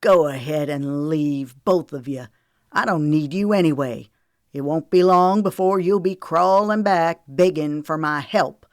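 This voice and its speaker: A woman's voice: fairly low pitch, measured pace, hardly any pauses, no room sound, clean studio sound, lightly acted. A woman voicing a sneering, menacing man. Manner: sneering, ordering. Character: menacing condescending grown man, an abuser.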